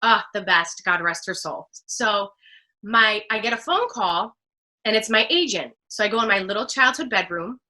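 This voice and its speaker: A woman from New Jersey, an actress and speaker, telling a story with lively energy in an interview. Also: medium pitch, normal speed. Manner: lively, acts out quoted voices. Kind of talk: animated storytelling in conversation.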